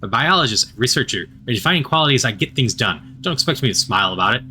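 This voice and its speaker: Male reader as sour woman doctor, scornful, forceful tone. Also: mid-range voice, animated, fast, slight background noise. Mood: disdainful. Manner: clipped and disdainful. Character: bitter, scowling woman scientist-doctor.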